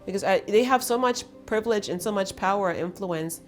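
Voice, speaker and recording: A woman's voice: medium pitch, fairly quick, faint music behind. A woman hosting an intimate conversation, telling her story in an earnest, emphatic way. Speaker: host.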